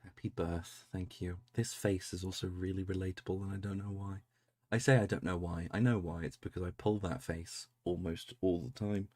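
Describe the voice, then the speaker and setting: A man's voice: sits low, fairly even intonation, moderate pace, darkish tone, no echo. A man chatting casually on a livestream, swearing freely and making self-deprecating asides. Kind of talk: casual livestream reaction chat.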